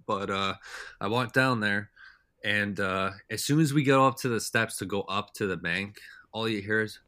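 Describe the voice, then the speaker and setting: A man's voice: fairly low pitch, normal speed, bright, forceful tone, no echo, clean studio sound. A young man telling stories as a podcast guest in a loose, rambling way, full of "like" and "uh". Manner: rambling, heavy with "like" and "uh" fillers. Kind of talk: casual storytelling chat.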